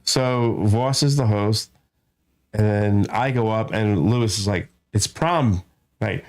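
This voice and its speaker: A man's voice: lowish voice, slow, darkish tone, clean tone. A man who is a stand-up comedian guest, telling rambling anecdotes with crude jokes and frequent laughs in a studio. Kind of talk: casual comedy chat.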